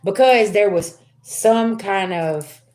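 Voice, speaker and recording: A middle-aged woman talks through a casual spiritual reading, speaking straight to her viewers and calling them y'all. Her voice sits in a middle pitch, and her delivery is loose and chatty with frequent laughter. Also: takes it slowly, darkish tone. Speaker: spiritual reader. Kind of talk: casual tarot reading livestream.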